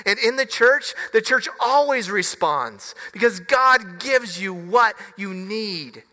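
A male pastor preaching a sermon with a personal story, earnest and halting, often restarting his words. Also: high voice, expressive, pushed and bright. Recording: reverberant hall.

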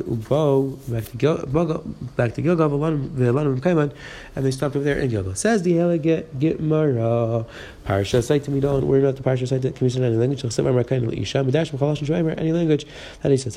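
A man teaching a Talmud page, quickly reading the Aramaic and explaining it in English. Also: mid-range voice, mellow. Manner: rapid, mixing Aramaic and English. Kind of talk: fast daf yomi lesson.

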